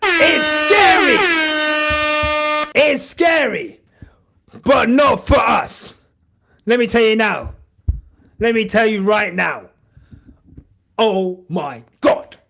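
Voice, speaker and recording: A man hosting a podcast, giving excitable, shouty live reaction commentary and swearing a lot. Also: sits high, slow, gravelly, long pauses. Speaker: podcast host.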